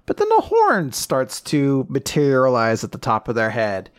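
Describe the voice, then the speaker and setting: A man's voice: mid-range voice, moderate pace, clear, resonant tone, dry recording, studio quality. A young man co-hosting a podcast, recapping a story in casual chat and acting out the characters' lines. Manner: animated, laughing, acts out quotes. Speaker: podcast co-host.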